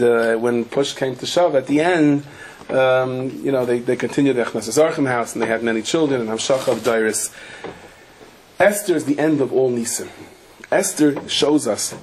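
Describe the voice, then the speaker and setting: A rabbi telling a lively story in a sermon, acting out the characters' lines. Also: male voice, mid-range voice, slight background noise.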